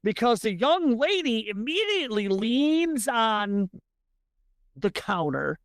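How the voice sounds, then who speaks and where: A woman's voice: a little high, big pitch swings, slow, dry recording, clean studio sound. A woman narrating a tabletop game as game master, descriptive and full of fillers.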